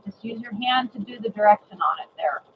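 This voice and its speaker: A woman giving a live sewing demonstration, chatty and excitable, repeating herself and greeting viewers. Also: medium pitch, fairly quick, dull audio, slight background noise. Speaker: sewing instructor.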